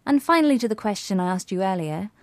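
A woman co-presenting a scripted educational podcast, posing questions and explaining clearly. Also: medium pitch, lively intonation, fast, dry recording. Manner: clear, quizzing.

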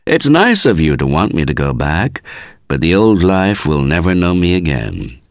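A serene young man turned monk, easy and gently teasing, from a storybook reading, voiced by a man. His voice is a bit raised above the reader's usual low tone and swings lively. The sound is dry and close. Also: moderate pace, no room sound.

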